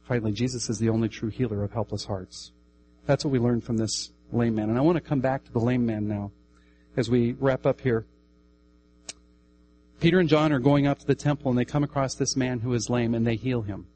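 A man preaching a sermon emphatically, repeating key phrases and swinging between raised, high-pitched declarations and quiet, lower passages. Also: a little fast, slight background noise, rough recording.

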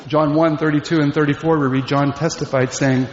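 A man delivers an emphatic sermon in a fairly high voice, often posing questions to his listeners. His words ring out through a large hall with a long echo. The recording is dull and slightly lo-fi. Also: little pitch movement, brisk, a little hiss or hum. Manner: emphatic, asks rhetorical questions. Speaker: pastor. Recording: echoey hall, dull lo-fi sound.

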